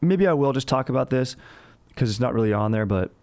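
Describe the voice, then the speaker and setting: A man's voice: medium pitch, lively intonation, fairly quick, darkish tone. A man hosting a podcast, chatting casually about history with a rambling, jokey style and constant "dude" asides. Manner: slangy bro talk, says "dude" constantly. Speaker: podcast host. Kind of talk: casual comedic history chat.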